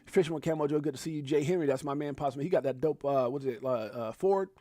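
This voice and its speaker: A man hosting a casual live stream, hyped and effusive, giving one shout-out after another to people watching. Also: fairly high pitch, quick pace, no echo. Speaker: livestream host. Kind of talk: casual live-stream chat reading out viewer names.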